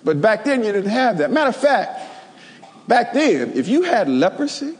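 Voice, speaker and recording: Animated preacher man in a reverberant hall. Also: sits high, moderate pace. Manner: animated, call-and-response, plays jokey role examples. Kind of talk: lively sermon with humor. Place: church. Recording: long reverb of a church hall.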